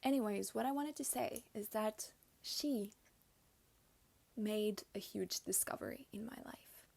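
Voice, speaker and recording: A woman's voice: mid-range voice, unhurried, vocal fry, a little mellow, slightly rough. A young woman hosting a casual podcast while doing her makeup, telling stories in a confiding way and often dropping to a whisper. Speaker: podcast host. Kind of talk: casual storytelling chat.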